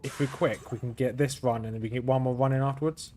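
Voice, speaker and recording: A man with a flat, monotone delivery giving casual gameplay commentary as the channel's host, rambling, correcting himself and chuckling now and then. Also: mid-range voice, fast, faint music behind. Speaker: gaming video host.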